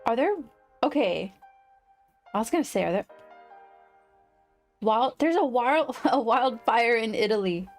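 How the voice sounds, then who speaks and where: A woman livestreaming casual chat, rambling and quick to laugh. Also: on the high side, expressive, soft background music. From United States.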